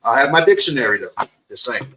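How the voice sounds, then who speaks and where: A man hosting a casual interview, animated and joking, often stumbling and repeating words. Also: medium pitch, fast, background noise. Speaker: interview host.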